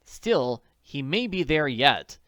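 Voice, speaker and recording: A man's voice: a little high, big pitch swings, slow, a bit bright, no room sound, clean studio sound, voice pushed up, exaggerated voice. A man reading an audiobook, voicing an ailing, distressed middle-aged man in a pleading, overwrought manner. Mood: distraught. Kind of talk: audiobook character voice.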